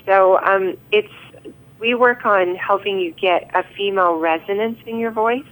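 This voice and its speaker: A woman guest in a casual interview, who pauses and repeats words while she thinks, heard over a thin phone line. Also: medium pitch, a bit bright.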